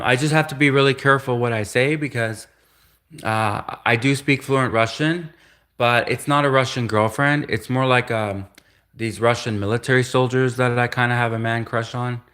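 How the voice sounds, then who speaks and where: A man's voice: medium pitch, pushed and bright. Rambling sarcastic man from Canada. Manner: sarcastic, jokey, rambling with restarts and laughs. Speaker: vlogger. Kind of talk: rambling political monologue.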